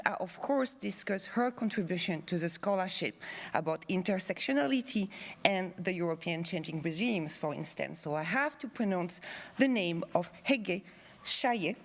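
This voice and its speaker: A woman's voice: mid-range voice, slight background noise. Playful woman presenting an academic award. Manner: playful, teasing, talks quickly in bursts. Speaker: conference co-convener presenting an award. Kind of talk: joking award speech at a conference.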